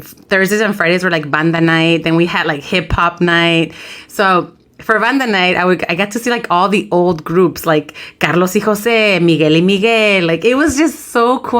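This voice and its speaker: Lively woman telling a story. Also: on the low side. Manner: lively storyteller, animated quoted voices. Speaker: podcast co-host. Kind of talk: casual chat.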